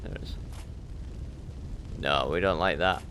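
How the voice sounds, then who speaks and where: A man's voice: a bass voice, measured pace, a bit bright, slight background noise. A man hosting a let's play, giving chatty, self-mocking commentary as he plays and talking back to the game. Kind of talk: gameplay commentary.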